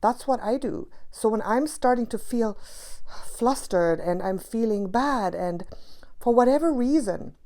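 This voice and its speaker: A woman's voice: medium pitch, darkish tone. A woman teaching spiritual practice to camera, passionate and emphatic, repeating key phrases for stress.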